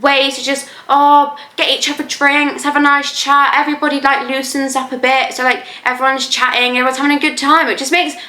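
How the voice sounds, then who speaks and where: A woman's voice: high-pitched, level tone, fairly quick, few pauses, sharp tone. A young woman with an English accent chatting casually in a rambling way as she reacts to a video, filling her talk with "like". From England. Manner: rambling, lots of "like" fillers. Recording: roomy echo.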